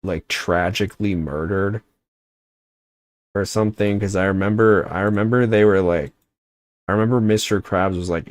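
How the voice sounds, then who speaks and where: A man's voice: sits low, steady tone, normal speed, a little mellow, dry recording. A young man streaming a game, chatting casually in a rambling, joking way and often cutting himself off. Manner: rambling, joking, self-interrupting. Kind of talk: casual gaming livestream chat.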